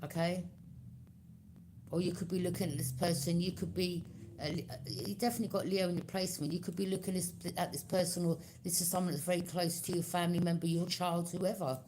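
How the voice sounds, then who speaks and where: A woman's voice: on the low side, steady tone, fairly quick, a little mellow, a little hiss or hum. A woman giving a tarot reading to her viewers, talking in a loose, conversational way, often checking in with "okay?" and acting out quoted reactions in her own voice. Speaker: tarot reader.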